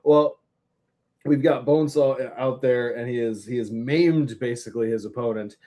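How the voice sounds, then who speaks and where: A man's voice: mid-range voice, moderate pace, warm tone. A man co-hosting a casual film review, animatedly retelling scenes and laughing along the way.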